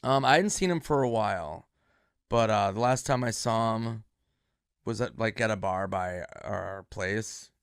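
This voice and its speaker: A man's voice: lowish voice, unhurried, clean tone, dry recording, clean studio sound. A man casually telling backstage stories as a comedian, acting out what everyone said in a raised voice and swearing freely. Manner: animated, acts out quotes in a raised voice. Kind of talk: casual storytelling.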